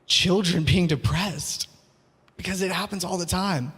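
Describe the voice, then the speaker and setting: A man's voice: high-pitched, measured pace, fairly bright tone, slightly rough. A man preaching a sermon, earnest and pleading, repeating his phrases; he also teaches school. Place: church hall. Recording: long hall reverb.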